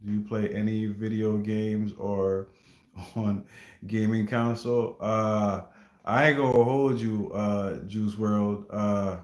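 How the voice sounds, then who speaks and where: Male streamer, easygoing rambling chat, somewhat low voice, roomy echo. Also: fairly even intonation, takes it slowly, darkish tone. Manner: rambling, laid-back, heavy use of filler phrases like "you know what I mean". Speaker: livestream reaction host. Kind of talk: casual livestream chat with viewers.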